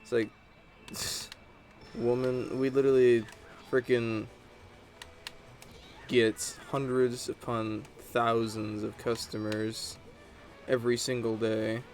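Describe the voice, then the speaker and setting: A man's voice: medium pitch, level tone, slow, a little mellow, soft background music. A man giving casual gameplay commentary, rambling and chatty as he tells stories while he plays. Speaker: gaming channel host.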